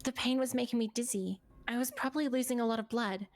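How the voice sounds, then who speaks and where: A woman streamer reading a horror game's narration aloud in a steady, earnest storytelling way. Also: a little high, fast talker.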